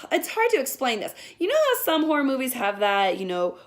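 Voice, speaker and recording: A young woman in her twenties giving a sarcastic, profane comedic movie review, often mocking the characters in shrill voices. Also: wildly swooping pitch, normal speed. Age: young adult.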